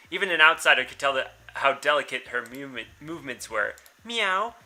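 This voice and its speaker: A man's voice: mid-range voice, pushed and bright. A young man hosting a let's-play, reading a visual novel aloud and commenting in a casual, blunt way, swearing freely.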